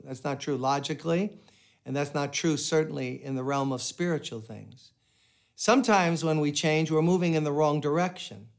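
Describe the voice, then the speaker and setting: A man preaching a sermon in an earnest, measured way. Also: a little high.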